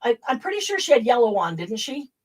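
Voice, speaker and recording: A woman hosting a casual craft livestream at home, chatty and quick to laugh as she greets viewers by name. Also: on the high side, very animated, poor audio.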